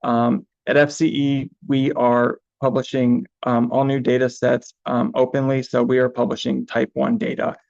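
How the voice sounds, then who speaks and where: Man, gravelly voice, flat delivery, hesitant with fillers, presentation, dull lo-fi sound. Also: medium pitch, normal speed, few pauses, dry recording. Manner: hesitant, many ums and uhs. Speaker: information manager. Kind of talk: recorded presentation.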